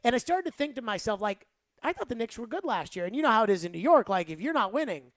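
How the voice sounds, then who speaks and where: A woman's voice: on the high side, sing-song, fast, no room sound. A woman hosting sports talk radio, giving rambling, emphatic opinions and saying "like" a lot.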